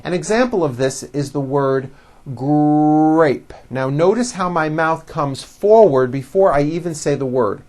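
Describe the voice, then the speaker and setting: A man teaching English pronunciation, drilling words slowly and over-enunciating each sound for the listener to repeat. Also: a little high, animated, a little mellow. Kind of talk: slow, careful drill teaching.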